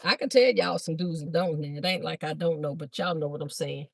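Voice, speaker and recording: Fast-chatting woman livestreaming, out of breath. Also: low-pitched, gravelly, husky, no echo. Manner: chatty, talks fast to viewers, calls them "y'all". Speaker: livestream host and vendor. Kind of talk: casual livestream chat to viewers. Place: moving between a car, a garage and a house. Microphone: phone held by hand.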